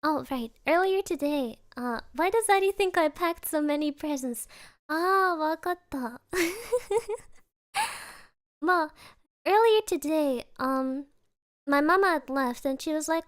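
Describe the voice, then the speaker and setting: Young woman streamer, high voice, slow giggly chatter with Japanese filler words. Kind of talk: casual chat stream.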